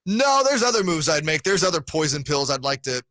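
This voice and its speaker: Sports radio co-host, man, lively and bright, dry studio sound. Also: a little high, brisk, no room sound. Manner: lively, enthusiastic fan talk. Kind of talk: casual sports radio banter.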